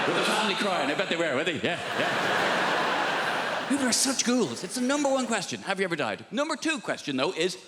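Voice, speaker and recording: A man doing stand-up comedy on a big theatre stage, ranting in an animated, exasperated way. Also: sits high, quick pace. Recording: large echoing theatre hall with noise.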